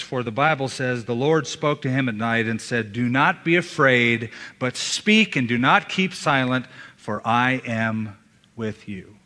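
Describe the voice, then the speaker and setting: Emphatic male pastor in a reverberant hall. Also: mid-range voice. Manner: emphatic, dramatic pauses, drops to hushed tones. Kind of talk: sermon. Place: church sanctuary.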